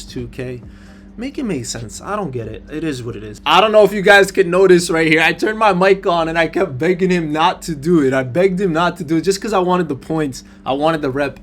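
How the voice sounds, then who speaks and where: A man's voice: fairly high pitch, a little hiss or hum. A young man commentating over his own basketball video game footage, talking straight to his viewers and venting his frustration in casual slang. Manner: frustrated, animated, talks to viewers as "bro" and "man". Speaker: gaming YouTuber. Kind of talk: gameplay commentary.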